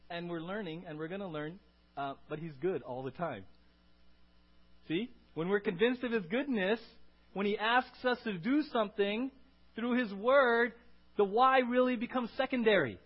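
A man preaching a sermon to his congregation, asking them questions and building to loud, emphatic peaks. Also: high-pitched, lively intonation, normal speed, highs cut off. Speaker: pastor.

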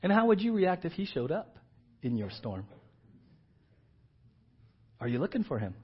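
A man preaching a sermon with a somewhat husky voice pitched a little above most men. He tells the story loosely and animatedly, slipping into slang. The recording is muffled and lo-fi. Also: big pitch swings, moderate pace. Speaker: pastor.

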